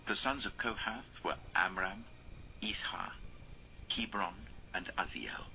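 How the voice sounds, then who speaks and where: An extremely deep, gravelly male voice reads scripture aloud slowly and solemnly, sometimes sinking to an almost whispered hush. His tone is bright and cutting despite the depth, and he rises and falls widely in pitch. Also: big pitch swings, a little hiss or hum, low-quality recording. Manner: slow solemn reading, drops to near whisper. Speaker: father reading aloud.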